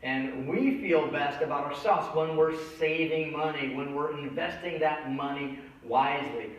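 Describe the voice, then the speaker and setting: During his sermon, a pastor whose voice sits on the high side and sounds a bit bright recalls a childhood tale, voicing the people in it. The recording captures him at a distance in an echoey church hall, with a dull tone.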